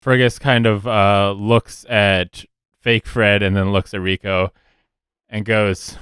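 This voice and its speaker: A man playing a tabletop game, talking hesitantly with many pauses and restarts. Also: on the low side, level tone, fairly bright tone, smooth, no echo, studio quality. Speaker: player.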